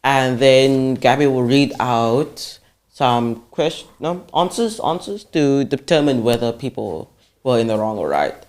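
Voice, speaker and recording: A man's voice: medium pitch, animated, unhurried, a little mellow. Laid-back young man saying "yo". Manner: laid-back slangy talk, lots of "yo" and "like". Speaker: podcast co-host. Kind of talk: casual chat.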